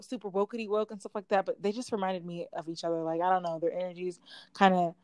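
A woman's voice: fairly low pitch, quick pace, smooth, no room sound. Young woman, casual podcast co-host, laughy and rambling; dry, close sound. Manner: excitable, laughing, trails off and restarts. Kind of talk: casual chat.

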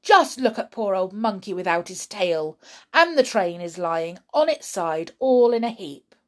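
A woman's voice: on the low side, expressive, a little slow. A woman reading aloud and voicing a big male teddy bear who scolds firmly. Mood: angry. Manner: firm, scolding.

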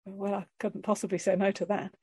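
A woman's voice: medium pitch, level tone, brisk, mellow, natural voice. A woman voicing a polite, eager young male student on the phone. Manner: polite, hesitant.

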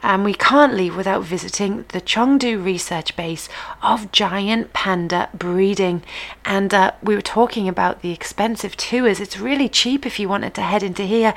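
A woman in her thirties from the United Kingdom, hosting a casual show and chatting warmly through listener messages with plenty of fillers and asides. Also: medium pitch, normal speed. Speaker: radio show host reading listener messages.

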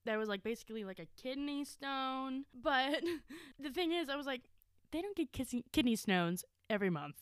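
A young woman co-hosting a podcast, laughing constantly and telling stories in an animated way. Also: high voice, normal speed, smooth, dry recording, clean studio sound. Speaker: podcast co-host. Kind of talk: casual chat.

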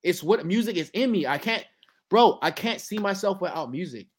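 Emphatic high-voiced man in casual chat. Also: normal speed. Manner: emphatic and animated, acts out quoted voices. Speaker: guest musician.

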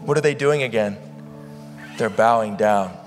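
Impassioned preacher in an echoey hall. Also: male voice, fairly low pitch, moderate pace, soft background music. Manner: impassioned, questions the congregation directly. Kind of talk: sermon. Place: church hall with live congregation.

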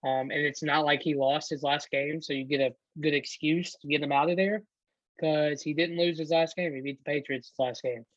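Casual male podcast co-host, higher voice, dry dull lo-fi sound, rambling sports talk. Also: steady tone, moderate pace, no room sound. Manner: rambling, many ums and restarts.

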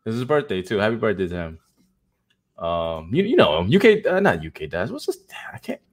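A man chatting as a guest on a livestream, animated and joking, often tossing in the word "man.". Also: lowish voice, a little fast. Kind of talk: casual chat on a livestream.

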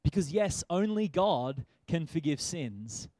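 Lively man preaching. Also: fairly high pitch, slow, no room sound. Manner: lively, conversational, asks rhetorical questions. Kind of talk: sermon.

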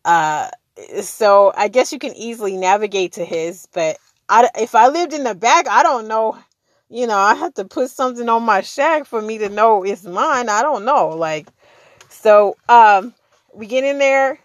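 Animated woman telling a story. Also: fairly high pitch, unhurried, no room sound. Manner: animated, acts out dialogue, laughs often. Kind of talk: casual storytelling.

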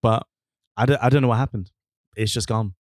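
A young man from Birmingham, a guest on a casual podcast, easygoing and self-deprecating, often halting mid-thought. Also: medium pitch, steady tone, no room sound, studio quality. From Birmingham, England. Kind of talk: casual chat.

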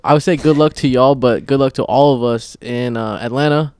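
A male podcast host with a smooth, resonant voice at an ordinary middle pitch. He keeps a relaxed, easygoing tone while chatting with his guests and closing out the show. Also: a little fast, no echo. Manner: laid-back, wraps up and thanks guests. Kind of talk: casual chat.

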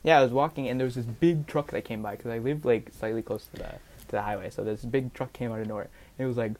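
A man's voice: medium pitch, fairly even intonation, quick pace, a little mellow. Teen boy, playful co-host, casual filler-laden chat, call mic. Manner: playful, teasing, filler-heavy.

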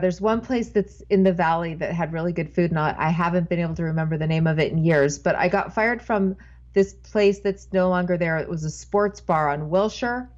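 A woman's voice: lowish voice, darkish tone, muffled recording. A woman, a podcast guest, telling a casual anecdote in a rambling way and often breaking off mid-sentence. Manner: rambling, self-interrupting storyteller.

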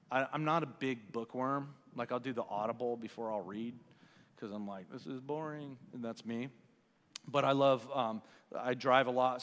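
A man in his forties delivers a casual, conversational sermon from a church. His voice sits at an ordinary middle pitch. A long reverb from the large hall trails after his words. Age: 40s. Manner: conversational preaching, quieting for prayer. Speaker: pastor. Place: church sanctuary.

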